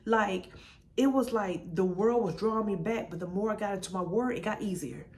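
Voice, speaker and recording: A woman in her forties giving a lively, chatty talk about her faith to camera, calling the viewer baby and girl. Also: medium pitch, moderate pace. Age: 40s. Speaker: vlogger sharing her testimony.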